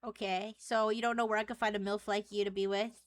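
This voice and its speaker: A woman's voice: medium pitch, level tone, quick pace. A woman streamer teasing and chatting playfully with an AI voice on a live stream. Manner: playful, teasing, flirty questions.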